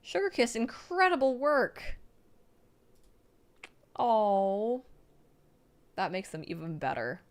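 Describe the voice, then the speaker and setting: A woman streamer reading viewer messages aloud on a live stream, reacting with excitable, gushing praise and casual swearing. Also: medium pitch, slow, pauses often, smooth.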